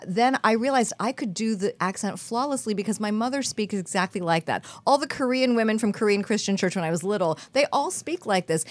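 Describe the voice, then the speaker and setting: A woman's voice: mid-range voice, no echo. Earnest, reflective woman guest. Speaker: guest, actress and comedian. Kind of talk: casual panel chat.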